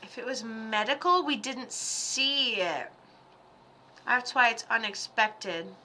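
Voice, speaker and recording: A woman's voice: fairly high pitch, takes it slowly, bright, forceful tone, slight background noise. A woman giving casual livestream psychic readings, chatty and blunt, joking as she goes. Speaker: psychic medium.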